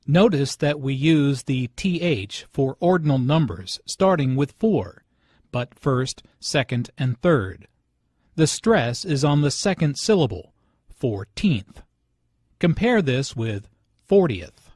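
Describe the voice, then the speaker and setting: A man of middling pitch explains pronunciation points slowly and deliberately. His intonation is lively, and he leans on stressed words, recorded dry and close in a studio. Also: dry recording. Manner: slow, deliberate, clearly enunciated. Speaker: lesson narrator and dialogue reader. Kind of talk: scripted language-lesson narration.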